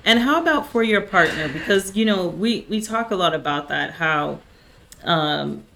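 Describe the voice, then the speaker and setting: A woman's voice: on the low side, animated, moderate pace, vocal fry, sharp tone, a little hiss or hum. A woman hosting a casual conversation, thoughtful and full of "you know" fillers. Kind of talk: casual chat.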